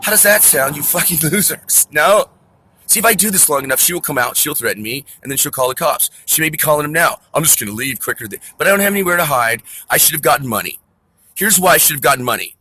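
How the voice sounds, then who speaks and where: Ranting man with a husky bright voice. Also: a little high, very animated, fast talker, no echo. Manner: angry, profane, rambling rant. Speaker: vlogger. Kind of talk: ranting monologue to camera. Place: outdoors near a store.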